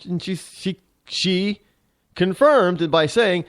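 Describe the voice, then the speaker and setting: A man's voice: on the high side, moderate pace, smooth. A man hosting a talk radio show, delivering a sarcastic, rambling opinion monologue full of restarts and fillers.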